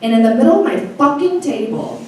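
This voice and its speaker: Recorded from far off in an echoey hall with faint noise, a young woman tells a funny, profane personal story to a live audience on stage. Her voice sits high, and she's animated and fairly quick, laughing as she goes.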